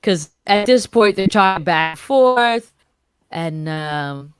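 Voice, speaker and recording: Slow-reading woman joking through a story. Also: lowish voice, expressive, clean tone, no echo, faint music behind. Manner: reads aloud with playful asides and laughter. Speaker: podcast host. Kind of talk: comedic reading of fan fiction.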